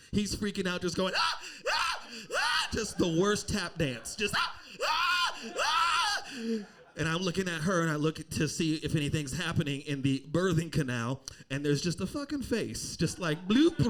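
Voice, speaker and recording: A man's voice: on the high side, a little fast, hardly any pauses. A young adult man performing a standup comedy set on a club stage, telling a story and acting out the people in it. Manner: animated storytelling, acting out voices.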